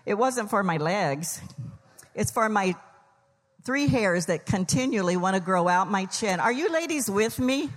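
A woman's voice: medium pitch, lively intonation, unhurried, big-room sound. Older woman preaching with folksy humor. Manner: folksy, joking, storytelling with quoted voices. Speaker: guest speaker at church, pastor's wife's mother. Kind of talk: humorous Mother's Day sermon. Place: church sanctuary.

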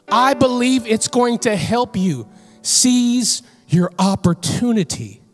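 A woman preaching a sermon in church. She tells a personal story in an animated way and builds to emphatic calls to her listeners. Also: a little high, unhurried, soft background music. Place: church sanctuary.

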